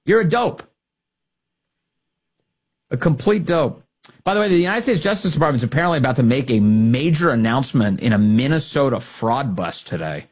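A man with a slightly husky voice hosting an opinionated talk show. He is sarcastic and heated, tossing out insults as he runs through the news. His delivery is mid-pitched and combative. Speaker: radio talk show host. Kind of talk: opinionated political talk radio.

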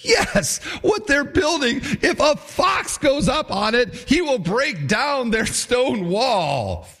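A preacher doing a shrill sneering sidekick. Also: male voice, very animated, slow, full character voice. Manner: shouted, high and sneering. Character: mocking ancient male sidekick piling on a joke.

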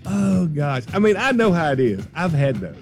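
Radio host, a man with a drawl, lively pitch, acts out every quote. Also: normal speed, gravelly. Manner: animated, acts out quoted voices. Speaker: radio morning show host. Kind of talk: casual on-air storytelling.

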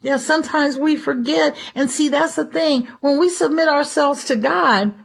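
Woman, preacher, sermon, expressive, fairly high-pitched. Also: moderate pace, vocal fry. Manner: expressive, shifts into dramatized voices.

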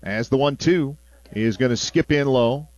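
A man's voice: mid-range voice, a little slow, dry recording. Chatty baseball play-by-play man. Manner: chatty, relaxed asides between plays. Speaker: play-by-play announcer. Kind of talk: baseball radio commentary.

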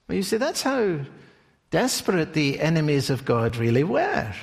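A male preacher giving a sermon in a deliberate storytelling manner, often asking listeners questions. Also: high-pitched, very animated. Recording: long hall reverb.

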